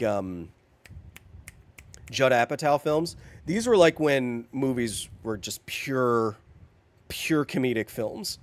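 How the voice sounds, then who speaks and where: A man's voice: mid-range voice, slight background noise. A man in his thirties streaming a game live, joking with chat and laughing often between remarks. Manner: jokey, animated, laughs often, chats with viewers. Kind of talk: live gameplay commentary.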